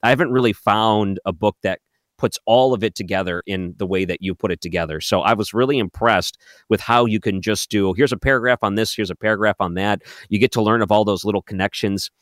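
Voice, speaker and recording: Low-voiced guy hosting a radio interview, playful and upbeat, dry studio sound. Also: fairly quick, fairly bright tone, dry recording. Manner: playful, upbeat, teasing his guest. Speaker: radio host.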